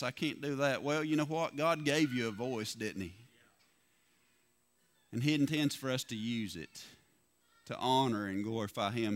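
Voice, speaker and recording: A man preaching a sermon, folksy and lively, asking the congregation rhetorical questions. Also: fairly high pitch. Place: church.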